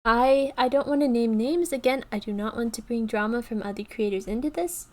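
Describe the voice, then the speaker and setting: A woman's voice: fairly high pitch, a little fast. A woman YouTube creator giving casual, earnest advice to her viewers, often checking in with "okay" and "right" and restarting her sentences. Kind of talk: casual advice talk to camera.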